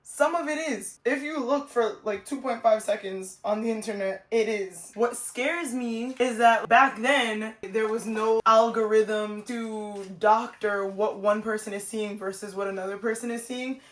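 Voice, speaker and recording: A young woman vlogging to camera from home, candid and animated, asking herself rhetorical questions. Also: fairly high pitch, a little slow, few pauses. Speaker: lifestyle vlogger. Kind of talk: casual vlog talk to camera. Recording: roomy echo, faint music.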